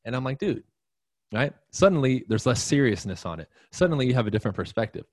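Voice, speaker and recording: A man with a mid-range, slightly mellow voice talks fast and expressively, recorded clean in a studio with no room sound. He's a real estate coach in a live-streamed talk for salespeople, blunt and emphatic, swearing now and then and speaking straight to the listener.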